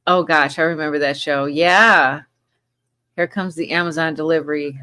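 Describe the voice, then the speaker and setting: A woman's voice: sits low, steady tone, normal speed, pushed and bright. A woman hosting a casual live chat, reading viewer comments aloud and laughing often between remarks. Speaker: livestream host.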